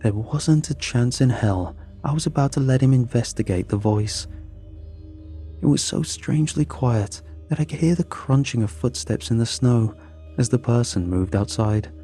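A man narrating a scripted horror story in a measured, suspenseful way. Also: medium pitch, warm tone, breathy edge, faint music behind.

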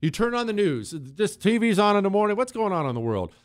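A middle-aged man hosting a talk radio show, delivering an emphatic monologue with quick asides. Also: high-pitched, dry recording, studio quality. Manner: animated, emphatic, quick asides and put-on quoted voices.

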